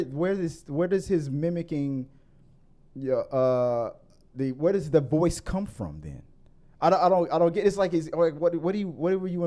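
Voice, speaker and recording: A man hosting a casual movie talk show, rambling with many restarts and growing more animated as he argues his point. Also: on the high side. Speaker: podcast host.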